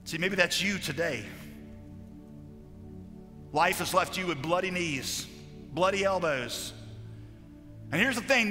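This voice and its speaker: Impassioned preacher in a reverberant hall. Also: male voice, fairly high pitch. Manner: impassioned preaching, swings between loud declarations and hushed storytelling. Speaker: pastor. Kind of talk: sermon. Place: large conference hall. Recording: live hall recording with long reverb and faint music.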